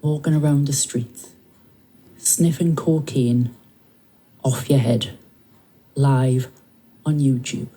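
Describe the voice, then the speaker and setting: A woman's voice: very deep voice, fairly even intonation, slow, long pauses, mellow, husky. A woman making a pointed, defensive rebuttal of criticism aimed at her. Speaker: subject of the clips, answering criticism. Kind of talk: filmed personal rebuttal.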